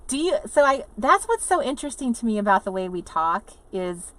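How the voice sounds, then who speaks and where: A chatty livestream host broadcasts from her RV, rambling, laughing a lot, and reading out comments from viewers. Her voice is slightly high, sing-song, and fairly bright, and she speaks briskly.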